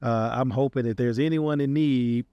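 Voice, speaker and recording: A man hosting a podcast, responding in a relaxed, affirming way during a casual interview. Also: mid-range voice, normal speed, clear, resonant tone, lo-fi sound. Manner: relaxed, affirming, short backchannels. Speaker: podcast host.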